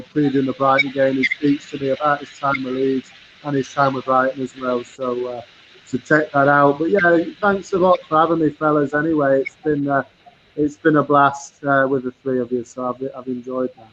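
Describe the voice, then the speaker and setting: A man's voice: medium pitch, little pitch movement, normal speed, a bit bright, dull audio, slight background noise. A man, a guest YouTuber on a video call, speaking in a friendly way and thanking viewers. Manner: friendly, thankful, plugging his channel. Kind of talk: casual chat.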